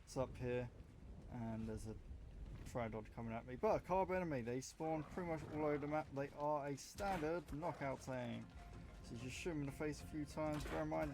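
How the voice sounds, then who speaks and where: A man's voice: fairly high pitch, gravelly. Casual man rambling over gameplay. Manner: rambling, self-correcting, offhand. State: has the hiccups. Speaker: gaming YouTuber.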